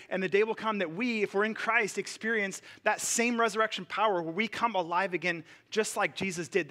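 A man preaching in a relaxed, chatty sermon voice, full of fillers and quick restarts. His voice sits high for a man and sounds bright and forward. He is a pastor in his thirties. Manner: casual, conversational preaching with many fillers and restarts.

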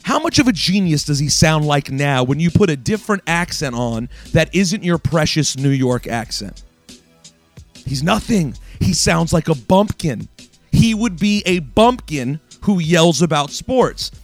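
A man with a slightly high voice hosts sports talk radio, ranting emphatically and speaking straight to his audience. Faint music sits behind him. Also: animated, a little slow, no echo. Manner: emphatic, ranting, addresses listeners directly. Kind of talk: opinionated talk radio monologue.

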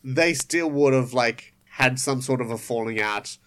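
A man's voice: medium pitch, a little slow, a bit bright. A man co-hosting a podcast, recapping a cartoon episode in a wry, rambling chat. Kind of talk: casual chat.

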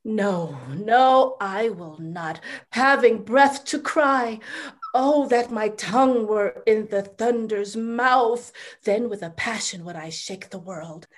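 A woman playing a grieving noble mother wild with sorrow in a classical stage drama, swinging from loud cries to hushed whispers. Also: a little high.

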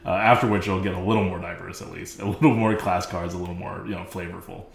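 A man's voice: low voice, steady tone, fast talker, creaky, roomy sound. A man co-hosting a casual game podcast, talking emphatically and acting out mock quotes. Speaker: podcast co-host.

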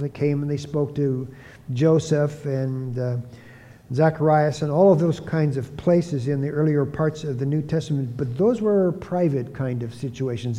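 A man's voice: fairly high pitch, mellow. A man preaching an expository Bible teaching, emphatic, often repeating key phrases for stress. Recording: long hall reverb.

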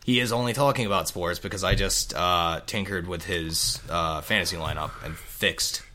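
A man's voice: low voice, normal speed, pushed and bright. A man hosting a casual podcast, joking, laughing and swearing with his co-host. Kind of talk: casual comedic chat.

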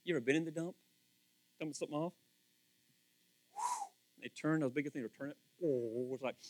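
A man preaching a casual sermon, animated and acting out little scenes with different voices. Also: fairly high pitch, normal speed, pauses often, no room sound.

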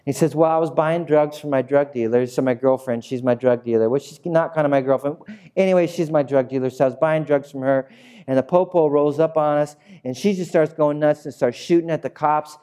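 A man's voice: a little high, brisk, warm tone, clean tone. A middle-aged male pastor preaching a sermon, telling a story and acting out the voices of the people in it.

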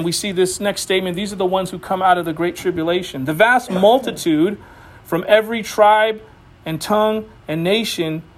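A man with a notably high voice preaches to his church. He speaks in a loose, folksy way, scattering "you know" through his sentences as he goes from chatty remarks to reading scripture. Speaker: pastor. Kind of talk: conversational sermon. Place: church building.

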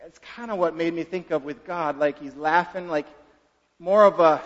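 A man's voice: fairly high pitch, normal speed. A middle-aged man preaching a sermon as a pastor, in a conversational, folksy way, often asking the listeners questions. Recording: dull reverberant hall sound.

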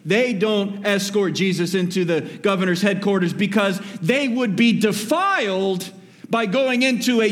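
A man preaches a sermon, walking his congregation through a passage. His voice sits a bit high for a man. He drops low and quiet for asides, then lifts his voice for emphasis. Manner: expository preaching, swings between quiet asides and raised emphasis. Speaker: pastor.

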